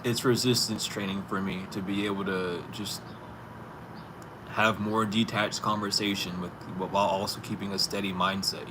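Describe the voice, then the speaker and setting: Low-voiced man talking over street noise. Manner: incredulous, chuckling, talks back to an unheard other. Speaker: vlogger. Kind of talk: casual spoken monologue. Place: outdoors on a street.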